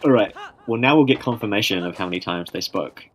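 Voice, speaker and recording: A man's voice: on the low side, fast, fairly bright tone, a little hiss or hum. A man casually commentating a live speedrun race, laid-back and often laughing, a bit tired.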